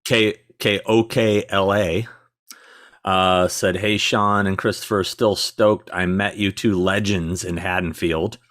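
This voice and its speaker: Middle-aged male co-host, very deep voice, reads viewer questions with dry asides. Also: fairly even intonation, slow, a bit bright. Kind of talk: casual live chat.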